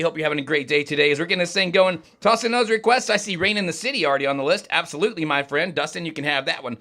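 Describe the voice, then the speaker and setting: A man's voice: fairly high pitch, pushed and bright. A man hosting a casual studio livestream, chatting and rambling with lots of fillers and restarts. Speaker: podcast host. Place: recording studio.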